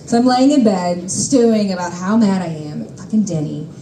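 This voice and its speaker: A woman's voice: lowish voice, moderate pace, warm tone, reverberant, a little hiss or hum, poor audio. A young adult woman telling a personal story on stage, wry, exasperated and freely profane. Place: stage at a live storytelling show.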